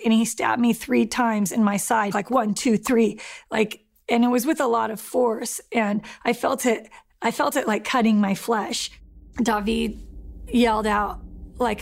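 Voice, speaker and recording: Gravelly woman recounting an ordeal. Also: fairly high pitch, a little mellow. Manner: earnest, reliving events, with plain spoken retelling. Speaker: survivor telling her story. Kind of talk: documentary interview testimony.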